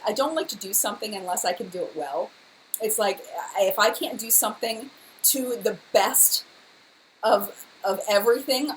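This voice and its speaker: A young woman chats on a live stream at home, friendly and talkative, addressing her viewers by name. Her voice sits at an ordinary middle pitch. A faint hiss of noise runs underneath. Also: rough recording. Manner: chatty, emotional, talks to viewers by name. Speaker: beauty YouTuber hosting a live chat. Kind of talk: casual live-stream chat.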